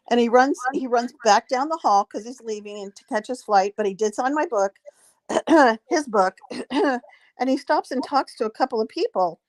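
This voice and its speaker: A woman with a slightly high voice recounts an anecdote as an interview guest, chatty and animated. She acts out the other people's lines as she goes. Her story is broken up by frequent throat clearing. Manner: lively retelling, acting out quoted dialogue. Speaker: psychic guest.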